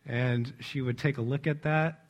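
A man's voice: mid-range voice, steady tone, measured pace, muffled recording. A man preaching in a conversational way, stressing words with emphasis and chuckling often. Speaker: church speaker. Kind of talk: conversational sermon.

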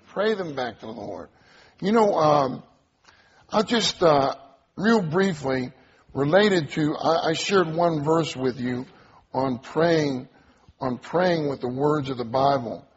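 Earnest preacher man, lo-fi sound. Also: a little high. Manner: earnest, repeats key phrases, call and response with congregation. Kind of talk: sermon.

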